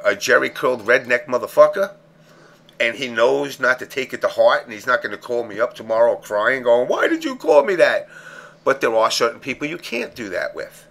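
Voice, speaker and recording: A man's voice: mid-range voice, a little hiss or hum. A man hosting a casual stream show, talking bluntly with a lot of swearing. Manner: blunt, profane, animated. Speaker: show host.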